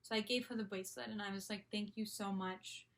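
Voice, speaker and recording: A woman's voice: mid-range voice, fairly even intonation, fairly quick, a bit bright. A young woman in her college years telling a story casually, gushing and full of "like" and "um" fillers. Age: young adult. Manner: gushing, filler-heavy, constant "like". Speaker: vlogger.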